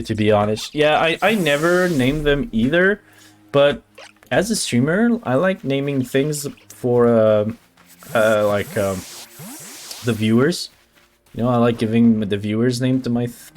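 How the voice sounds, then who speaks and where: A man streaming a game, excitable and casual, swearing, stammering and humming to himself. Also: mid-range voice. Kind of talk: casual let's-play commentary. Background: faint game music.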